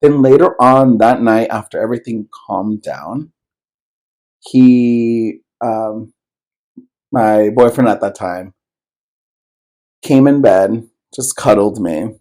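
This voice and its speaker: Man, podcast co-host, slow unhurried delivery, rambling casual storytelling, lots of swearing and fillers. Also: lowish voice, warm tone, poor audio. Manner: loose and rambling, heavy swearing, many fillers.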